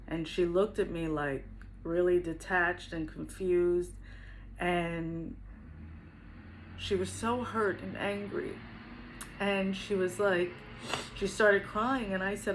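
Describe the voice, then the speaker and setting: A woman's voice: lowish voice, little pitch movement, a little slow, slight background noise, rough recording. A middle-aged woman, a spiritual healer, telling her own story to the camera earnestly and reflectively, often repeating her phrases. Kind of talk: personal testimony to camera.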